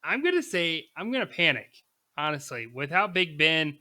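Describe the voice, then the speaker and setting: A young man co-hosting a casual sports podcast, animated and emphatic, quick to laugh. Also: on the high side. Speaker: podcast co-host.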